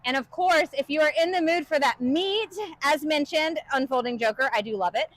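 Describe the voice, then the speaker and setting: A woman's voice: high-pitched, normal speed, no room sound, rough recording. A woman from the United States co-hosting a live cooking stream, chatting casually and upbeat while reading out viewer comments.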